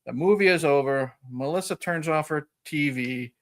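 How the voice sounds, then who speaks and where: A man's voice: a little high, moderate pace. A man hosting a podcast, retelling a film in a rambling, chuckling casual chat. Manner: rambling, chuckling retelling with frequent "you know". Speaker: podcast host.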